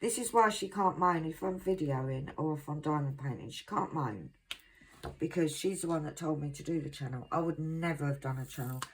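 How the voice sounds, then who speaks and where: A middle-aged woman from England chatting casually to her viewers at home, self-mocking and quick to laugh. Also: low voice, a little hiss or hum. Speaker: craft vlogger.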